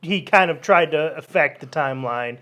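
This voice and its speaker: A man's voice: a little high, moderate pace, fairly bright tone. A man co-hosting a comedy podcast, chiming in with short quips and laughs. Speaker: podcast co-host. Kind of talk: casual comedy chat.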